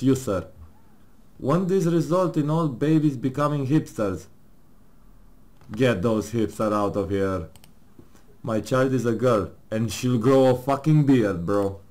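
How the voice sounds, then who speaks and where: A man playing a game with his partner, casually joking, laughing and swearing as he reads questions and answers aloud in a mock-serious tone. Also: medium pitch. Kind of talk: casual gaming commentary, reading game text aloud.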